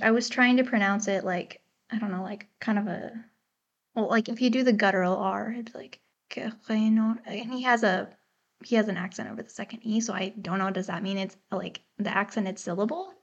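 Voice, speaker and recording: A woman's voice: medium pitch, a little fast, creaky, a bit bright. An American woman co-hosting a book podcast, in a casual, chatty discussion, laughing often and unsure over pronunciations. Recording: dull lo-fi podcast mic.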